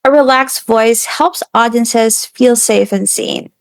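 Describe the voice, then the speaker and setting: Woman presenter with a gravelly edge. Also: fairly high pitch, takes it slowly, dry recording. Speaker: student presenter. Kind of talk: reading a class lesson.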